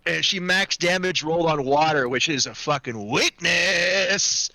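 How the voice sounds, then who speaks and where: A man running a tabletop game as game master, casual and excitable, swearing freely. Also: fairly high pitch, a little slow, crowd noise.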